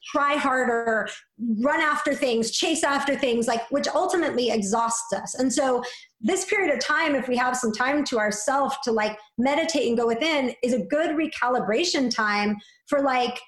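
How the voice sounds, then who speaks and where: A woman's voice: high-pitched, normal speed, fairly bright tone, echoey room. A woman talking in a casual conversation, reflective and flowing, often adding "like" and "right?".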